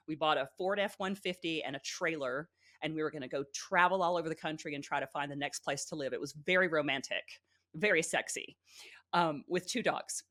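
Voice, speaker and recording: A middle-aged woman from Georgia, a podcast co-host telling stories in casual chat, lively and laughing often. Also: deep voice. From Georgia, USA.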